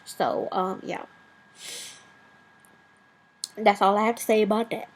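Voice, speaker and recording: A woman's voice: a little high, steady tone, brisk, low-quality recording. Blunt, swearing woman ranting. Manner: blunt, profane, rambling with filler asides. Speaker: vlogger. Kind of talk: profane rant.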